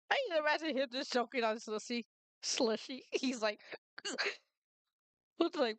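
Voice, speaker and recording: A young woman streamer with a high voice, chatting in a loose, joking way between readings of a fan story. She sounds close to the mic, and the recording is dry with no room sound. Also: expressive, takes it slowly, pauses often, dry recording. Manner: casual, joking asides.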